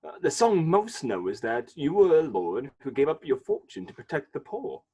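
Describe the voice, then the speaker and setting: An actor playing an inquisitive companion asking questions in an audio drama. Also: male voice, fairly high pitch, huge pitch swings, moderate pace, warm tone, slightly rough, heavily acted. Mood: curious.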